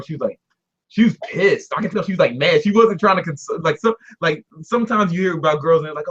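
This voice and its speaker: Husky, animated young man telling a story. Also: on the high side, brisk, lo-fi sound. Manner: animated, laughing, does voices for people in the story. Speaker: guest storyteller. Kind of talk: casual storytelling.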